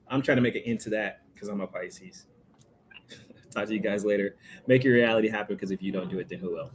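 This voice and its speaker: A man's voice: mid-range voice, slight background noise. A man giving a casual, informal tarot reading to his viewers, chatty and full of slangy asides. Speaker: tarot reader.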